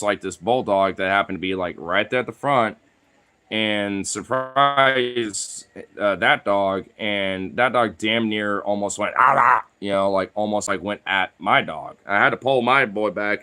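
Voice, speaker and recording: A man's voice: lowish voice, a bit bright, clear, resonant tone. A man vlogging in a rambling, filler-heavy casual chat, now and then talking to his dogs.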